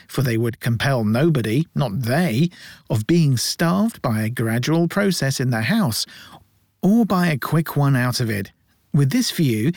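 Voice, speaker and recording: A man narrating a classic novel in a measured, gently ironic reading voice. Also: fairly high pitch, no echo, studio quality. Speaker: audiobook narrator. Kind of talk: scripted narration.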